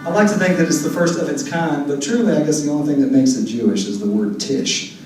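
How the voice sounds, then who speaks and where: A man's voice: a little high, fast, darkish tone. A man from Texas, chatting with a concert audience between songs and telling jokey stories. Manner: folksy, joking storyteller who leads audience singalongs. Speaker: singer-songwriter performing a concert. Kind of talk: stage banter between songs. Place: concert venue with a live audience. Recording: echoey room picked up from a distance, guitar playing.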